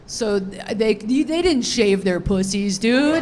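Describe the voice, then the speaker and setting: A young woman doing a stand-up comedy set, crude and unfiltered, rambling with lots of "dude" and "like", her voice a little raspy. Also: mid-range voice, lively intonation, slow, darkish tone, a little hiss or hum. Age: young adult.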